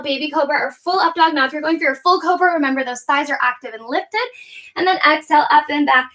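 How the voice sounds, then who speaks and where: High-voiced playful woman yoga teacher. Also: fairly bright tone. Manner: playful, cueing breath and poses with asides. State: slightly out of breath while moving. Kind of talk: live guided yoga class instruction.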